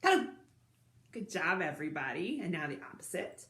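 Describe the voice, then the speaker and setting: A woman's voice: mid-range voice, animated, normal speed, fairly bright tone. Cheerful woman leading a children's story time. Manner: cheerful, speaks directly to young children. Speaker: children's librarian. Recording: roomy echoey recording.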